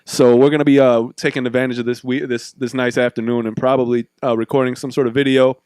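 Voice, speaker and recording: A man's voice: mid-range voice, flat delivery, a little mellow, clear, resonant tone, no echo. A man co-hosting a podcast in casual chat, joking around, swearing freely and laughing often. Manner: joking, profane, quick to laugh. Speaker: podcast co-host.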